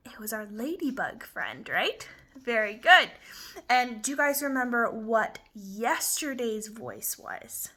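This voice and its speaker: Slow, bright-voiced woman teacher. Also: on the high side, expressive. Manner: slow, clear and encouraging, with exaggerated emphasis. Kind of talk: lesson for young children.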